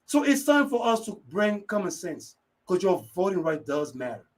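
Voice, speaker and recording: A man hosting a live radio talk show, energetic and repetitive, speaking straight to his listeners. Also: sits high, normal speed. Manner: energetic, repeats phrases, talks straight to listeners. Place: radio studio.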